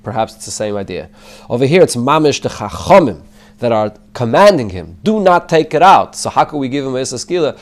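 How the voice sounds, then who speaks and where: With big pitch swings and a brisk pace, a man with a mid-range voice teaches Talmud as a rabbi. He goes through the text line by line, translating and explaining in English with Hebrew and Yiddish terms, and responds to his students' questions.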